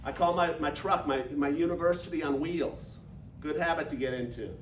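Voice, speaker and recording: A high-voiced man in his fifties gives a folksy, energetic motivational talk. He is heard from far off in an echoey meeting room. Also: moderate pace, a little hiss or hum. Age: 50s. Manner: energetic, folksy, leads audience call-and-response. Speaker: business speaker.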